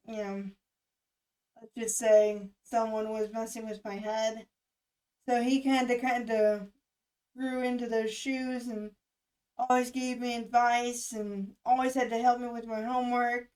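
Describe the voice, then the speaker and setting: A young woman in her twenties talking candidly and emotionally in a casual vlog, swearing freely and pausing with fillers. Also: fairly high pitch, little pitch movement, far from the mic, low-quality recording. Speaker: music reaction vlogger. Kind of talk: casual chat.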